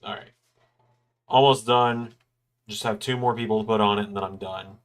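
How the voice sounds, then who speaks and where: A man's voice: lowish voice, fairly even intonation, moderate pace. A young man hosting a casual livestream from his apartment, chatting loosely while he works and yawning now and then. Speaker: streamer hosting a watch-along.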